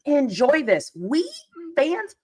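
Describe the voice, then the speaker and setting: Animated, excited woman host. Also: sits high, takes it slowly. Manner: excited, animated fan ranting with laughter. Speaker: podcast host. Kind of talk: live sports recap chat.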